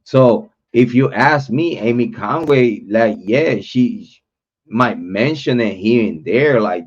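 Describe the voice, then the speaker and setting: Speaking slowly and expressively at a medium pitch, a man hosts a livestream rant, calling people out with blunt, profane talk. It's captured in dull, lo-fi livestream sound.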